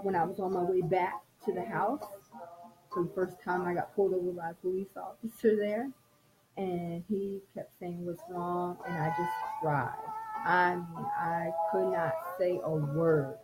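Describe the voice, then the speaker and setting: A middle-aged woman sharing a personal story in a soft-spoken, reflective way. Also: fairly low pitch, steady tone, a little slow, background noise. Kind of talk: personal testimony talk. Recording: music playing clearly behind.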